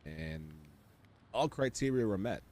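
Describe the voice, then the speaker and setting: Wry low-voiced male game streamer. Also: measured pace. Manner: wry, sarcastic asides with sudden excited outbursts. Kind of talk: casual gameplay commentary.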